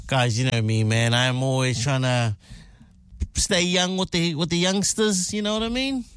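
A man's voice: a little high, fairly even intonation, normal speed, a bit bright, smooth, no room sound, studio quality. A middle-aged man hosting a morning radio show, chatting in a joking, self-mocking way. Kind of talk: casual radio banter.

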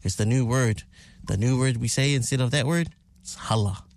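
A man's voice: mid-range voice, brisk, gravelly, no echo. Joking middle-aged man hosting radio. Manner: joking, self-mocking and chatty. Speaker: radio morning show host. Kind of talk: casual radio banter.

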